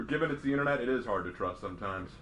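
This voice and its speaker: A man's voice: on the low side, expressive, racing, a bit bright, a little hiss or hum. A young man hosting a game stream, chatting casually and laughing often. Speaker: streamer and host. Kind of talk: casual chat while gaming.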